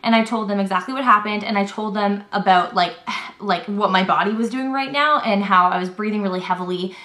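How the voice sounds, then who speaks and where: A woman's voice: medium pitch, fairly bright tone. Chatty young woman in a roomy echo. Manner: chatty retelling, heavy on "like" and "I was like", acts out quotes. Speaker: vlogger. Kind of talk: casual storytime vlog.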